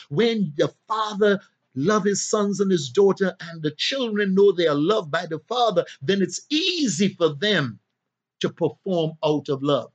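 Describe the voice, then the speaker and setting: A man preaching a sermon in a rhythmic style, building to emphatic, drawn-out peaks. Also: on the high side, dull audio.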